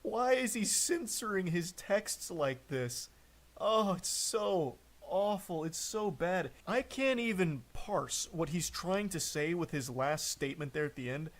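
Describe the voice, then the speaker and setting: A man's voice: sits high, lively intonation, a little slow. A man streaming live, mocking and picking apart text messages as he reads them aloud, swearing often. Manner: incredulous, mocking commentary with frequent swearing. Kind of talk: live-stream reaction commentary.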